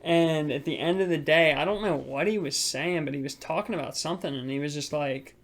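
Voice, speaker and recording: A man's voice: fairly high pitch, brisk. A young man co-hosting a podcast, telling a frustrated story about work in a rambling, casual way full of filler words. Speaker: podcast co-host.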